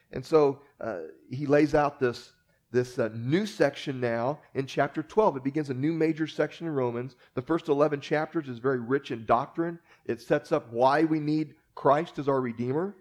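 Man, pastor, casual joking sermon delivery, slightly higher voice, easy pace. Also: darkish tone. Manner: conversational preaching with jokes and frequent fillers.

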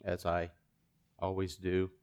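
A man's voice: deep voice, monotone, takes it slowly, a little mellow, clean tone. Chuckling, self-deprecating male preacher. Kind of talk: sermon.

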